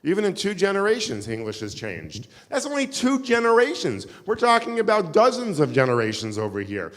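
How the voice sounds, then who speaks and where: A man's voice: high voice, wildly swooping pitch, fairly quick. Man lecturing in a reverberant hall. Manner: engaging, quizzes the audience, wry asides. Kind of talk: live keynote lecture. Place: synagogue hall with live audience.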